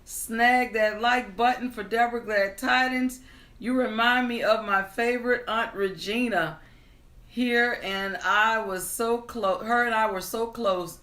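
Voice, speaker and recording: A woman hosting a live stream, greeting viewers, reading their comments aloud in an unhurried, friendly way, then starting a storybook tale. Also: fairly high pitch, a bit bright, reverberant. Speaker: livestream storyteller host.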